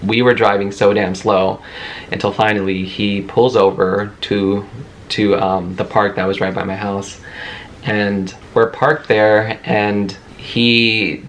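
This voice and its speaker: A man's voice: fairly low pitch, little pitch movement, slow pace, fairly bright tone, a little hiss or hum. A man in his thirties candidly telling a personal story in a casual vlog, emotional and loose with swear words. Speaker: vlogger.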